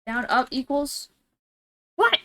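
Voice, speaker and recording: Woman streamer, casual game chatter, quick excited outbursts, a touch high. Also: dry recording. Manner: excitable, confused exclamations. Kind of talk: casual gameplay commentary. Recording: noisy stream audio.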